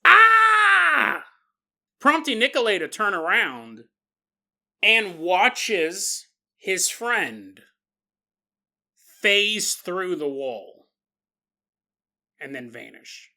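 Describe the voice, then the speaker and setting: A man hosting a paranormal podcast, telling a strange story in a casual, animated way with chuckles and conversational asides. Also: high voice, extremely slow, pauses often. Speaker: podcast host.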